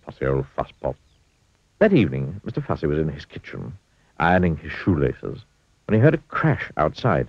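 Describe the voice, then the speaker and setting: A man reading a children's storybook aloud in a playful, expressive way. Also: rumbling low, moderate pace, long pauses, breathy edge, no room sound. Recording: dull lo-fi dry recording.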